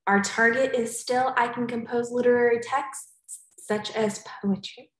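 A woman teacher giving a recorded poetry lesson to young students, cheerful and slow, clapping out syllables and sometimes whispering. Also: a little high, fairly even intonation, reverberant, rough recording. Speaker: elementary school teacher.

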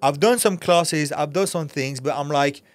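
A middle-aged man who's an actor and ex-fighter speaks openly in a podcast interview, his voice on the high side and moderately paced. He comes across as intense and blunt, cursing freely.

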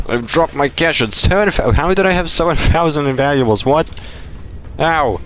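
A man's voice: a little high, animated, measured pace, faint music behind. A man streaming live gameplay, talking playfully and boastfully to his chat and teammates. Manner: playful, boastful, bursts into laughs and shouts.

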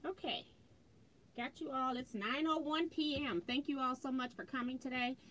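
A woman's voice: high voice, steady tone, normal speed, fairly bright tone, a little hiss or hum. A woman hosting a quilting livestream from home, chatting casually and greeting viewers by name as she reads their comments on a phone. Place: indoors at home, fireworks outside.

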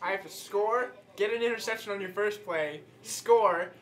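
A young man playing a football video game with a friend, trading jokes and swearing loudly when plays go wrong. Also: high voice, normal speed. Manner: loud, swearing outbursts at the game. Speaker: gamer co-host. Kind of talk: casual gameplay banter.

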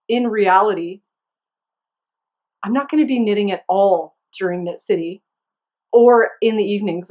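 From her home, a young adult woman hosts a knitting podcast, chatting to camera with giggles and enthusiastic tangents. She has a mid-range voice, and the recording's high frequencies are cut off.

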